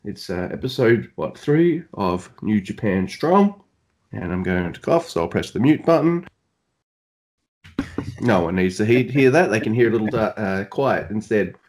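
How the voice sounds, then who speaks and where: A man's voice: lowish voice, expressive, normal speed, a little mellow. A man with an Australian accent, chatting casually and rambling with jokes as a podcast co-host. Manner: rambling, joking, self-deprecating. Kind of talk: casual chat.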